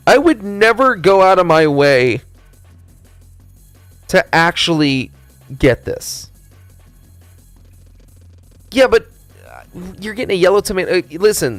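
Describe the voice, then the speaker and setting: Animated, high-pitched man rambling profanely. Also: no room sound. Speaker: streamer. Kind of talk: casual stream chat.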